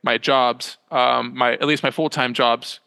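A young small business owner, a guest on a podcast, rambles through a casual interview chat from a small room at home with a loft bed. His medium-pitched voice is fairly even, creaky, bright, forceful and smooth, sounding reverberant in the room. He halts often, filling with fillers and self-corrections.

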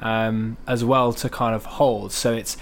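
A man on a podcast, talking thoughtfully about faith with many pauses and restarts. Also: mid-range voice, level tone, slight background noise. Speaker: podcast guest. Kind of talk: casual chat on faith.

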